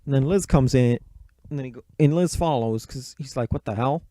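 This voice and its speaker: Mellow-voiced man swearing through a recap. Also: medium pitch, brisk. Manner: rambling, profane, offhand. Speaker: movie reviewer. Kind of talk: casual movie recap.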